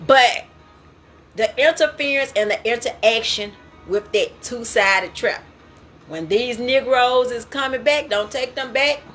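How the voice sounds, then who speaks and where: A young woman tells her dream to her viewers in a slow, unhurried way. Her voice sits a little high and rings bright, with soft music playing faintly behind her. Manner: animated, laughing often, addressing viewers as y'all. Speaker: spiritual dream interpreter. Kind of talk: casual dream-sharing monologue.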